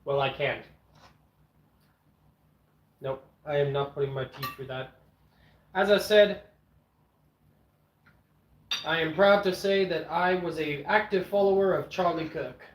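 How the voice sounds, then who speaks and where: A man streaming from home with his dogs, chatting casually as he eats, blunt and opinionated, clearing his throat often. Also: on the high side, measured pace, pauses often. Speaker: streamer eating on camera and answering chat. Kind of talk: casual rambling chat and rant. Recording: echoey room.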